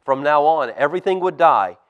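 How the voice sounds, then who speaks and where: A man, a pastor, reading a storybook aloud to children in church with expressive, animated storytelling. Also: fairly high pitch, fairly quick, clear, resonant tone, lo-fi sound. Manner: expressive storytelling, lively swings in loudness.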